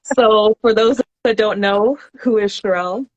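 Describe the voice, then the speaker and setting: A woman's voice: medium pitch, a little slow, no echo, dull audio. A woman hosting a casual podcast chat, upbeat and encouraging with her guest. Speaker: podcast host.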